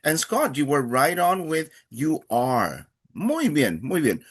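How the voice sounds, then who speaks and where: A man's voice: fairly high pitch, big pitch swings, takes it slowly, a bit bright, husky. A man teaching a beginner Spanish class, explaining patiently with many fillers and acting out short dialogues. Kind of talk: live online Spanish lesson.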